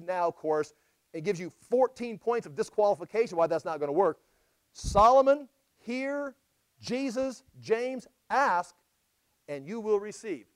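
Male pastor, high voice, emphatic preaching with rhetorical questions, close dry sound. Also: lively intonation, moderate pace, no room sound. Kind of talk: sermon.

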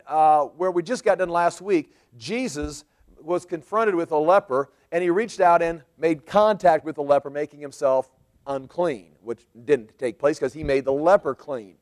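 A man's voice: a little high, darkish tone. A man preaching a sermon in a church, explaining scripture verse by verse and rephrasing points as he goes. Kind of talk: sermon, verse-by-verse Bible teaching.

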